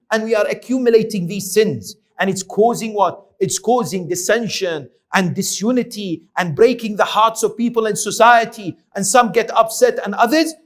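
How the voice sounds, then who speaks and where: A man preaching an Islamic lecture, reciting Arabic verses and often checking in with rhetorical questions to his listeners. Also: sits high. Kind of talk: religious lecture.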